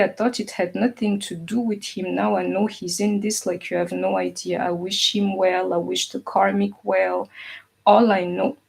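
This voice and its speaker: Gravelly, husky-voiced woman tarot reader. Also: mid-range voice, poor audio. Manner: earnest, emphatic, full of "you know" and "like"; speaks directly to an absent partner. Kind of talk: casual spoken tarot reading.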